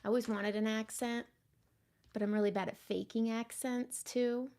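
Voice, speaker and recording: Chatty woman with a gravelly edge. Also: a little high, steady tone, moderate pace. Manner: chatty, greets viewers, drifts into soft muttered asides. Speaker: makeup artist hosting a livestream. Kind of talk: casual livestream chat.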